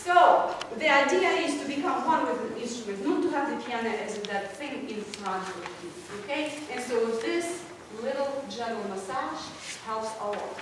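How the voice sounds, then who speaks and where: A woman piano teacher lectures at a conference with a bright, high voice, playful and animated, often checking in with the listeners. She is picked up from a distance in a very echoey hall. A steady hiss runs under her speech. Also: normal speed, few pauses. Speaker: piano professor giving a workshop. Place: large conference room. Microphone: distant room mic. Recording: echoey hall recorded from far off, noisy.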